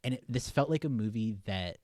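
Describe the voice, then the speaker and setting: Recorded in dry, studio-quality sound, a young man co-hosting a podcast discusses a movie fairly quickly at a medium pitch. He rambles loosely and leans heavily on fillers.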